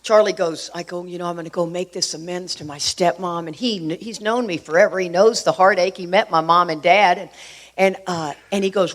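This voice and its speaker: A middle-aged woman from Houston, speaking to a recovery group, telling her story in an animated way with emphatic asides. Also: on the low side, fairly quick. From Houston, Texas. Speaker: AA workshop speaker. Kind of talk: personal recovery talk to a group.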